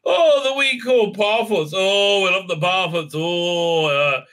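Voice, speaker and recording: A smug little halfling with a hammy, sing-song mock Irish accent, as a man puts it on in a bright, forceful voice. He lilts high and cheerful while sounding callous. The delivery is overdone on purpose. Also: a little slow. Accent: exaggerated mock Irish.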